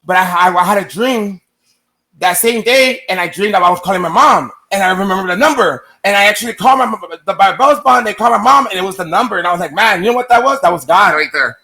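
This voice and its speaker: A man's voice: high-pitched, animated, quick pace, pushed and bright. A man casually telling a long personal story to his viewers, rambling and swearing, acting out what others said to him. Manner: rambling, profane, acts out quoted exchanges.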